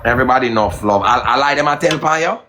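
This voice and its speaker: A man's voice: medium pitch, fast, slight background noise. Teasing man hosting a live stream. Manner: teasing, banters in patois, shouts out viewers. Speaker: livestream host. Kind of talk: casual live stream chat.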